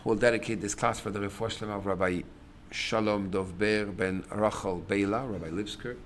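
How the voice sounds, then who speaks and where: A middle-aged man, a rabbi, giving a lecture to a class on relationships. He tells stories in a lively way, acts out what people say, and breaks into sudden loud outbursts. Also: fairly low pitch, moderate pace, a little hiss or hum. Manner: animated storyteller, acts out quotes, sudden loud bursts.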